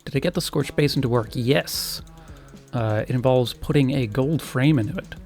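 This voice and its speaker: A man's voice: mid-range voice, moderate pace, darkish tone, soft background music. A man streaming a game, casually thinking aloud and muttering to himself as he plays. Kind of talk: casual gameplay commentary.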